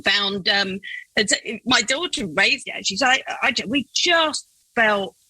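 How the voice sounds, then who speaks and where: Middle-aged woman, bright breathy voice, laughs a lot, acts out what people said, dry close sound. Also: mid-range voice, slow pace, no room sound, poor audio. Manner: animated, laughing, acts out her own and others' voices. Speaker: guest, foster carer. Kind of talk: storytelling in a casual interview.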